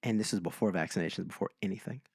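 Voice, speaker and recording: A man co-hosting a podcast, telling stories in a casual chat and slowing down for emphasis. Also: deep voice, gravelly, slightly rough, no echo, clean studio sound. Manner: animated storyteller, slows for emphasis. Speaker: podcast co-host.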